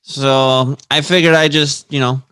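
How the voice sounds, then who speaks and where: A man co-hosts a laid-back podcast. His voice sits at an ordinary pitch and he chuckles between the lines he reads. The room sounds close and dry, with no echo. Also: steady tone, measured pace, pushed and bright, smooth. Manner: laughs between reading quotes aloud. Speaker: podcast co-host. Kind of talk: casual podcast banter.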